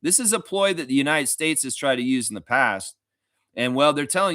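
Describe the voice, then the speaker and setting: Male livestream host, casual and animated, bright and forceful voice, dry close sound. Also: mid-range voice, moderate pace, dry recording. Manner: animated, profane, talks to chat viewers. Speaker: fan show host.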